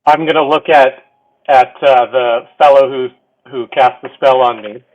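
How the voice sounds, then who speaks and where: A man's voice: medium pitch, fairly even intonation, a little slow. A man playing a tabletop game, speaking bluntly and tersely in character. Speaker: player. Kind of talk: tabletop role-play, in character. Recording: dull lo-fi mic.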